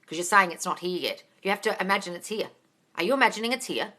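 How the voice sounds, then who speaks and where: Blunt, bright-voiced woman coach. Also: mid-range voice, lively intonation, fast talker. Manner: blunt, swears casually, calls viewers darling. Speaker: manifesting coach answering live comments. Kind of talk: live-stream Q&A reading out comments.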